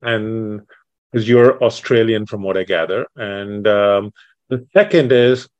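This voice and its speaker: A man's voice: on the low side, slow, a little mellow, highs cut off. A man hosting a podcast, upbeat and talking straight to his listeners. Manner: upbeat, addresses listeners as folks. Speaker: podcast host. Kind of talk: podcast interview.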